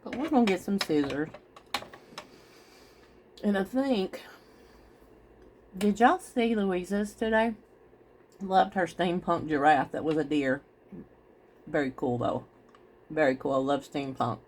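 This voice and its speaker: A woman's voice: fairly low pitch, slow, pauses often, a little mellow, slight background noise. A woman chatting casually through a craft video, rambling and talking straight to her viewers. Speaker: craft vlogger.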